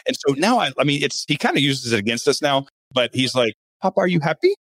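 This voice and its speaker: A man talking as a guest on a podcast, in a middle-pitched voice. He is open and earnest, and pokes fun at himself now and then. The sound is dry and close. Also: animated, fairly quick, a bit bright, dry recording. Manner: candid, earnest, self-deprecating humor. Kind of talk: casual interview chat.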